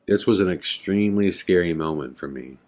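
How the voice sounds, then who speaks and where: Male podcast host, low voice, intense first-person storyteller with a regretful edge. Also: fairly quick, a little mellow. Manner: intense, regretful retelling with swearing.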